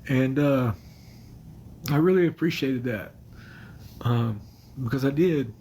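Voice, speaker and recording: Tearful guy livestreaming from his bedroom on a phone, halting and apologetic, very slow delivery. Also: medium pitch, warm tone, slight background noise. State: crying. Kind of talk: casual livestream chat. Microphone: phone camera.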